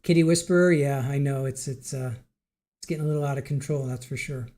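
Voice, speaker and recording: A man's voice: mid-range voice, steady tone, brisk, warm tone. A man hosting a live stream, chatting casually and rambling with restarts as he reads viewer comments aloud. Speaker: livestream host.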